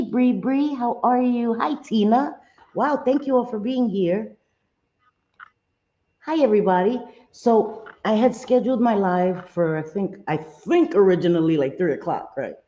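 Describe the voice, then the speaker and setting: A woman's voice: mid-range voice, mellow, lo-fi sound. A woman hosting a casual livestream, apologetic and chatty, greeting her viewers one by one. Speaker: livestream host.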